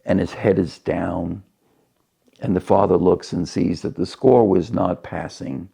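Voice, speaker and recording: A male preacher tells a story from the pulpit, slipping into the characters' voices as he goes. His voice is low, gravelly and mellow. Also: unhurried. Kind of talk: sermon storytelling.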